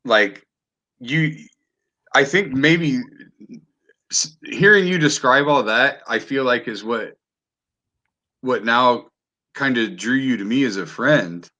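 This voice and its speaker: A man hosting a podcast in loose, animated chat, swearing freely and tripping over his own restarts. His voice is bright and forceful, set at a middle pitch for a man. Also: slow pace, pauses often, highs cut off. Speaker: podcast host. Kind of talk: casual chat.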